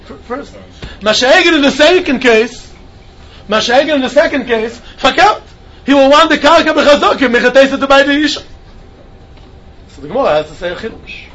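A man giving an animated Talmud class lecture, mixing Hebrew and Yiddish terms into his English. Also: very high voice, brisk, pauses often. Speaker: Talmud teacher. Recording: dull lo-fi recording with faint noise.

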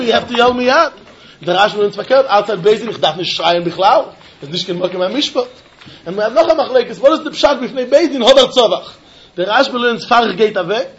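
High, lively man giving an animated Talmud lecture. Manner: sing-song, mixing English, Yiddish and Hebrew; laughs often, rhetorical questions. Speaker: Talmud teacher. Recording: dull lo-fi recording.

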